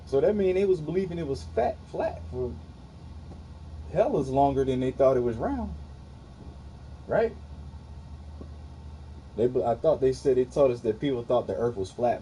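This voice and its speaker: A man's voice: mid-range voice, warm tone, slight background noise, rough recording. A young man casually livestreaming, arguing with his chat in a profane, dismissive way.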